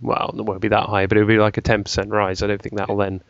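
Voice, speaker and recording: A man's voice: lowish voice, level tone, fast, vocal fry, no echo, muffled recording. Joking British man co-hosting a podcast. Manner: jokey, laughing often, reading news items. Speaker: podcast co-host. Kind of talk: casual chat.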